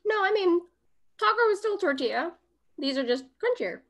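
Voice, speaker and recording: A woman's voice: very high-pitched, sing-song, normal speed. A woman co-hosting a casual cooking livestream, chatty and explaining food science between laughs. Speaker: co-host. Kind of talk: casual chat on a cooking stream. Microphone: webcam stream setup.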